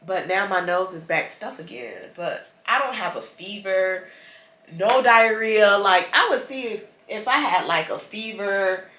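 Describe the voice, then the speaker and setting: A woman's voice: mid-range voice, unhurried, pushed and bright, reverberant, slight background noise. A woman sick with a stuffy nose, chatting casually to her viewers from bed in a rambling, frustrated way. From United States. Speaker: vlogger. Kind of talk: casual vlog chat. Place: bedroom, lying in bed.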